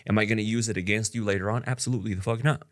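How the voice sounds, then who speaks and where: A man's voice: lowish voice, steady tone, rapid-fire. A young man talking frankly and at length about a breakup in a casual vlog, rambling with many fillers. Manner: rambling, frank, full of "like" and "you know". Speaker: content creator. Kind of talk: candid personal vlog talk.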